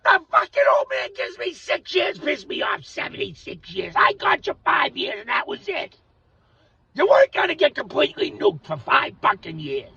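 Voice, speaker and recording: A raspy older man rants to camera, cursing freely and swinging between shouts and mutters. His voice sits high and bright with a gravelly edge. The lo-fi recording is dull and picked up from a distance. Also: huge pitch swings, normal speed, no room sound. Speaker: vlogger. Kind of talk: ranting monologue to camera.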